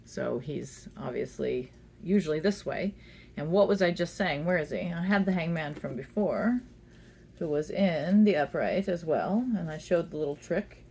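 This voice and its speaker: A woman's voice: low-pitched, animated, moderate pace, a little mellow, a little hiss or hum. A woman giving a casual tarot reading at home, chatty and giggly, talking fondly to the cards. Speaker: tarot reader. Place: indoors at home.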